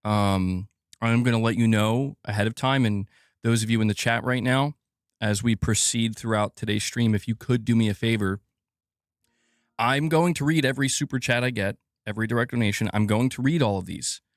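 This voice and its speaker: A man's voice: fairly low pitch, normal speed, dry recording, clean studio sound. A man streaming gaming news, delivering an impassioned rant that is full of swearing and repeated words for emphasis. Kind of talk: live stream commentary rant.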